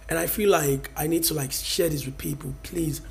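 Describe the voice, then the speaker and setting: High-voiced Nigerian vlogger in his thirties, lecturing viewers with emphatic, preachy energy. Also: steady tone, normal speed, creaky. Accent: Nigerian, Yoruba-speaking. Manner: emphatic, preachy, mixes in Yoruba. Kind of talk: casual opinion rant to camera.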